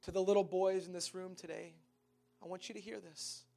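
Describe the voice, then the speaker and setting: A man preaching a sermon, speaking tenderly and pleadingly, often dropping to a soft, quiet voice. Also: high-pitched, level tone, a little fast, vocal fry, faint music behind. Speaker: pastor.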